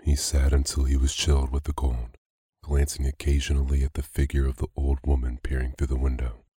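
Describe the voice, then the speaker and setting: Male storyteller for a sleep story: very deep, dark, husky, calm even delivery. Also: dry recording, studio quality. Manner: slow, calm, even reading. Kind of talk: bedtime story narration for sleep.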